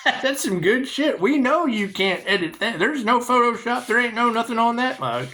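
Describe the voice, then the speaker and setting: A man speaks in a very high, bright, forceful voice, very animated and at normal speed, over slight background noise. As a tarot reader, he gives a rambling spiritual talk, cursing, laughing, and humming tunes between thoughts.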